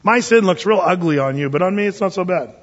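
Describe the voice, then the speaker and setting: A man with a fairly high voice gives a relaxed, folksy Bible sermon with joking asides. His words ring out with a long reverb, as if he is in a large hall. The sound is muffled and lo-fi. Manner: folksy, with humorous asides and slow scripture reading. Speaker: pastor. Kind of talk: conversational Bible teaching sermon.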